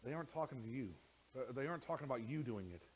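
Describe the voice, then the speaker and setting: A man preaching a sermon as pastor in a church, animated, with frequent repeated words and restarts, sometimes rising close to a shout. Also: medium pitch, racing, slight background noise, rough recording. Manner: animated, rising to near shouting when worked up.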